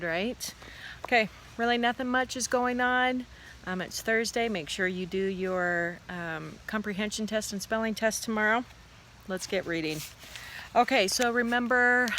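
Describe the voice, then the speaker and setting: Teacher lady reading a kids book outside, easygoing and expressive, faint outdoor sound behind. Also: medium pitch, a little hiss or hum, low-quality recording. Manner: relaxed, chatty, expressive reader. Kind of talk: reading a children's book aloud.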